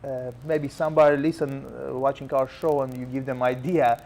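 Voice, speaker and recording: A man's voice: mid-range voice, level tone, normal speed, vocal fry, a little mellow. A male talk show host asking questions in broken, non-native English. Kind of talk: interview questions.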